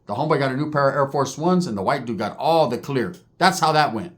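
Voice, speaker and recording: A man recounting prison life tells casual stories in profane slang, sprinkling in Spanish words. His medium-pitched voice has lively intonation, and he acts out other people's lines in quick voices.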